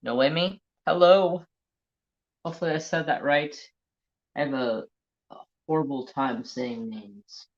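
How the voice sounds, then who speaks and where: A slightly high male voice, a little slow and marked by long pauses, comes through a handheld phone with highs cut off. He hosts a casual crafting livestream, reading live chat, greeting viewers and telling salty, rambling stories.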